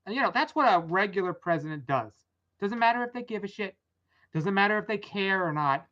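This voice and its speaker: This young adult woman hosts a vlog of casual, rambling commentary, blunt, exasperated and swearing freely. Her medium-pitched voice is animated, brisk and fairly bright. The audio is dull and lo-fi.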